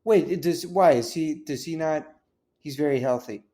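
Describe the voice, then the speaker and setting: A man's voice: a little high, normal speed, warm tone. A man, a comedian and actor, guesting on a chatty podcast and telling rambling, casual anecdotes. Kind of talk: casual chat.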